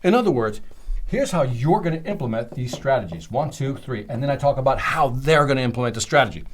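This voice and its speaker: A middle-aged man teaching a sales seminar, excitable and emphatic, speaking straight to his listeners. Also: medium pitch, fast. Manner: animated, excitable, emphatic, talks to the listener directly. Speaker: sales trainer.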